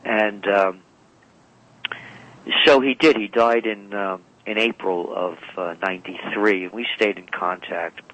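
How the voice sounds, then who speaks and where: Bright-voiced man telling rambling stories. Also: on the low side, unhurried, rough recording. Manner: rambling, self-correcting anecdotes. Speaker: guest. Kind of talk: storytelling interview talk. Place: radio call-in or studio.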